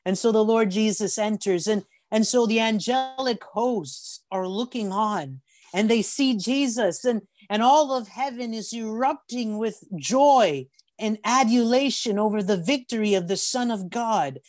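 A man preaching a sermon on a video call, telling stories with animated acted-out voices and often stumbling over repeated words. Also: high-pitched, measured pace, no room sound. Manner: animated storytelling, acts out voices.

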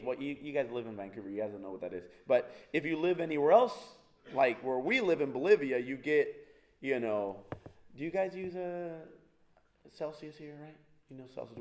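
A man preaching a sermon in a relaxed, conversational way, with a voice pitched somewhat high for a man. He keeps putting rhetorical questions to the congregation and drops in jokey asides. He often stumbles over and restarts his sentences.

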